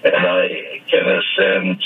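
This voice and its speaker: An older man telling playful stories as a radio guest, whimsical and given to sudden high squeaky bursts. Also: monotone, takes it slowly. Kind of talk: playful anecdotal storytelling. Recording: phone-like radio line.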